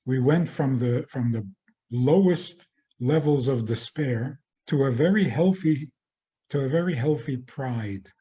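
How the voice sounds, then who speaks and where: A male rabbi lecturing at a very slow, deliberate pace. His tone is mellow and dark. He talks in a measured way and often circles back to repeat a phrase. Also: mid-range voice. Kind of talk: spoken lecture.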